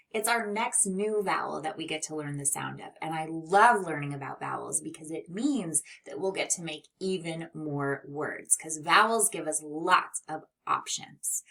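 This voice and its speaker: Give me a woman teaching young kids phonics, gently encouraging, with a lively, lower-pitched voice. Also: creaky, far from the mic. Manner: gentle, encouraging, sings out and stretches sounds. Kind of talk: children's phonics lesson.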